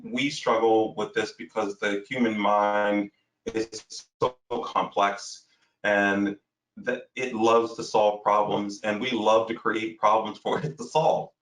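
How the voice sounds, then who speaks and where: A man's voice: lowish voice, flat delivery, slow pace, fairly bright tone. Earnest man speaking from a distance. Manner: earnest, searching, frequent restarts and fillers. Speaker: guest speaker. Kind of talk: panel discussion talk. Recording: roomy, distant from the mic.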